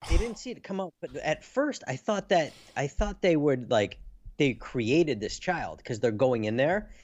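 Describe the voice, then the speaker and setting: A man's voice: fairly high pitch, animated, unhurried, a little mellow, no echo, dull audio. A man chatting casually about a comic book on a podcast, loose and hesitant, saying "like" a lot. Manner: loose, hesitant, says "like" often. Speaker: podcast co-host.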